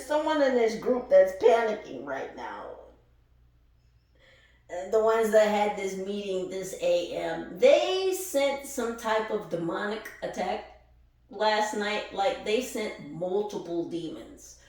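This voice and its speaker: A woman's voice: mid-range voice, animated, takes it slowly, a little mellow, very echoey, low-quality recording. A woman giving a casual spiritual reading, exuberant and profane, laughing often as she talks. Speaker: spiritual reader.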